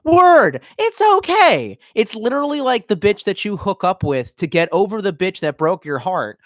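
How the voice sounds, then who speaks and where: A man's voice: sits high, sing-song, normal speed, fairly bright tone, no room sound, studio quality. A young man ranting casually to his live chat, profane and rambling. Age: young adult. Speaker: live streamer.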